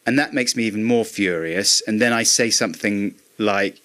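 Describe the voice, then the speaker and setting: A middle-aged man telling comic anecdotes as a radio guest, acting out his own shouting. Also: fairly low pitch, normal speed.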